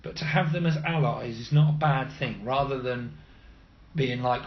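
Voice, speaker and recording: A man co-hosting a casual podcast chat, excitable and sweary, slipping into mocking voices. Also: normal speed, echoey room. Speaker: podcast co-host. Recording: muffled low-fi sound with clear hiss.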